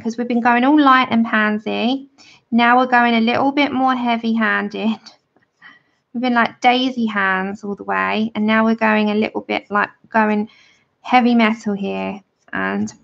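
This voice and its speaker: A woman's voice: on the high side, gravelly, a bit bright. A woman giving a chatty, friendly drawing tutorial on a livestream. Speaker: art tutor. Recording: dull lo-fi livestream audio.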